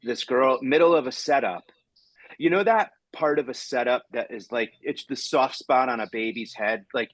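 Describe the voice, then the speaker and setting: A man's voice: mid-range voice, normal speed, fairly bright tone, no echo, poor audio. Dry-sounding man in casual chat. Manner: rambling, restarts, acts out quoted exchanges. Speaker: comedian podcast host.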